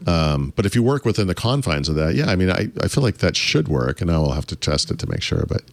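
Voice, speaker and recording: Man, very low voice, casual tech chat, restarts sentences, chuckles, dry recording. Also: very animated, fast, dry recording. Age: adult. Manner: rambling, self-interrupting, chuckles at own jokes. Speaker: podcast co-host.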